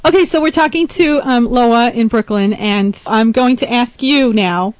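A woman's voice: a little high, unhurried, dry recording. A woman hosting a casual talk show, joking with her co-host and interviewing a guest, laughing often. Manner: playful, laughs often, prompts with short replies.

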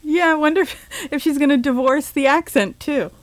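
High-voiced sarcastic woman hosting a talk show. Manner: sarcastic, joking, quick asides. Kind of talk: casual comedic chat.

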